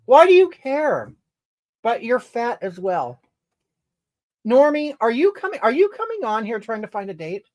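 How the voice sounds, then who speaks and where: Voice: mid-range voice, sing-song, normal speed, a little mellow, lightly acted. A performer voicing a crude, entitled, brash woman, scolding and indignant, rambling at chat in an improvised comedy stream. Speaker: comedy livestreamer reading comments in character.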